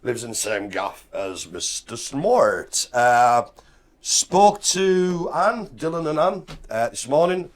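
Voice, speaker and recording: A man's voice: medium pitch, takes it slowly. A man co-hosting a casual live stream, bantering and joking. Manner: jokey, lively banter. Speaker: co-host.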